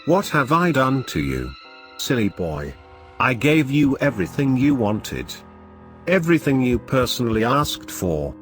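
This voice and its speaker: A man's voice: mid-range voice, sing-song, a little slow, faint music behind. A man voicing a wicked, cackling female trickster spirit who mocks her victim. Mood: mocking. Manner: mocking, taunting.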